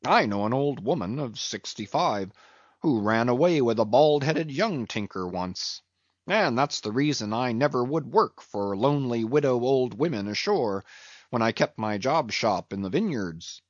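Grumbly fussy old ship's carpenter muttering away, a man doing him, pitch bobbing, dull dry sound. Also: expressive, unhurried, no room sound. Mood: grumbling. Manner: hesitant, muttering, grumbling to himself.

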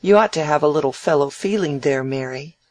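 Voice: medium pitch, brisk, close to an everyday voice. A reader voicing an idle, proud young man in a novel, talking brashly and emphatically. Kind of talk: audiobook dialogue reading.

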